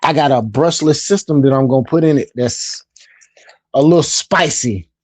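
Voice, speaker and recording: Brief: male streamer, mid-pitched, relaxed and chatty, dry close sound. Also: normal speed, no echo. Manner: laid-back, chatty, repeats phrases. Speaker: livestream host. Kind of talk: casual live-stream chat.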